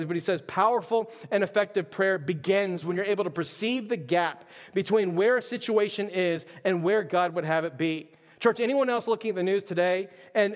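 A man preaching a sermon as a pastor, earnest and conversational, often saying "like.". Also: high-pitched. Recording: long hall reverb.

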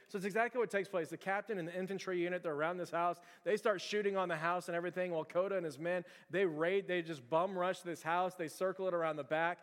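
Pastor guy preaching, high voice for a man, chatty and punchy, long echo. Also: fast talker, hardly any pauses. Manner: animated storytelling, conversational and emphatic. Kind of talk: sermon.

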